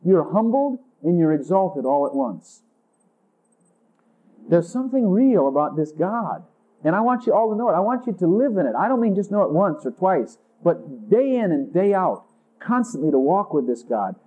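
High-voiced preacher on a tinny line. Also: male voice, sing-song, moderate pace. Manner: intimate, acts out dialogues with Jesus in a higher voice. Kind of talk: sermon. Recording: tinny phone-like sound.

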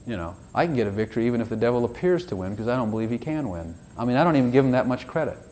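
A man's voice: medium pitch, animated, very fast, a little mellow. Folksy man preaching a rambling sermon. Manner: folksy and rambling, with rhetorical questions. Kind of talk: conversational sermon.

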